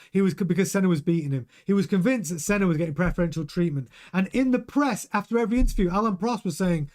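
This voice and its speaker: A middle-aged man hosting a live stream, talking casually and animatedly and often restarting his sentences while he reads the chat. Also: high-pitched. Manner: chatty, animated, repeats words and restarts. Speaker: show host reading live chat.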